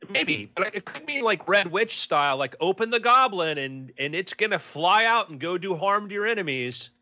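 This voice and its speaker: Bright, lively rambling male podcaster. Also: sits high, normal speed. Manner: rambling storyteller, acts out quotes. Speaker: podcast co-host. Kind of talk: casual chat. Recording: dull lo-fi sound.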